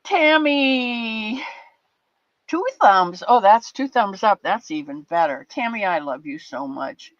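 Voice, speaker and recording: An older woman hosting a livestream, chatting warmly and rambling with her viewers in a casual, affectionate way. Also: medium pitch, animated, slow pace, no echo. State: a bit teary. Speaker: livestream host. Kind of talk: casual chat with live chat viewers. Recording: dull lo-fi dry sound.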